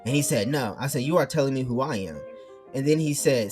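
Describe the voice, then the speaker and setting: A man talks casually to his viewers at a middling pitch, rambling as he reads chat messages aloud and argues back. His mic is turned the wrong way, and faint music plays behind him. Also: brisk, a little mellow. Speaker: streamer. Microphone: mic turned backwards.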